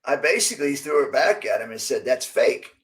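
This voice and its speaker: Speaking fast in a voice on the high side, a middle-aged man who used to fight tells animated stories in a casual interview, acting out quoted lines and frequently restarting. The audio quality is poor.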